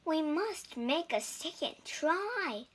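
Lady doing a calm encouraging frog, slow and bright. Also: high-pitched, pitched above the performer's own voice, full character voice. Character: Frog, a patient encouraging storybook frog.

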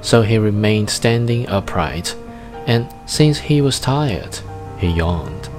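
A man narrates a storybook in a low voice. He reads slowly and carefully. Faint music plays underneath. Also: animated. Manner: slow, careful reading. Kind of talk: storybook reading.

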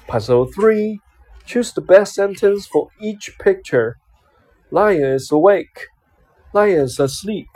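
A reader narrating a children's storybook and its learning exercises slowly and carefully. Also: mid-range voice, big pitch swings, a little mellow, breathy edge, low-quality recording. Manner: slow, careful reading for learners.

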